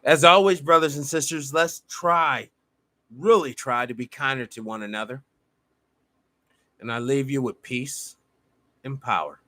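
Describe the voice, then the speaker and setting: Fervent preacher-like man, bright voice. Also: mid-range voice, unhurried, long pauses, no room sound. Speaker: podcast host. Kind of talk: impassioned live-show monologue.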